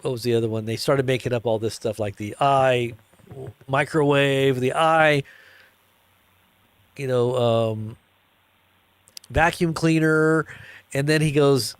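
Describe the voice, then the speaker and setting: A man's voice: mid-range voice, measured pace, long pauses, clean tone, no echo. A tired man hosting a live news commentary stream, rambling and joking with viewers. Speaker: host.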